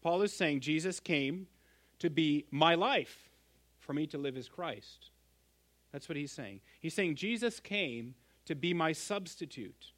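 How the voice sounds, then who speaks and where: A middle-aged pastor preaching to his church in an earnest, emphatic way. His slightly higher man's voice rises on stressed words and drops to a hush at the ends of lines. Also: expressive, unhurried. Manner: earnest, emphatic, swings from loud to hushed. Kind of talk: sermon.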